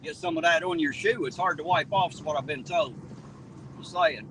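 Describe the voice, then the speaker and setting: A man with a slightly high voice talks at a normal speed while hosting a casual night stream on a town street after rain. He reads the chat, jokes, and greets viewers by name. The sound comes from a slightly distant mic, with faint street noise.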